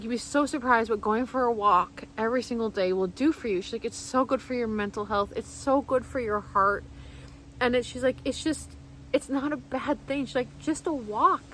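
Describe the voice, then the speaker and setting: Rambling, heartfelt woman vlogger, higher voice. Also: a bit bright, slight background noise, rough recording. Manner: rambling, heartfelt, heavy use of "like" and restarts. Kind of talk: candid personal storytelling to camera.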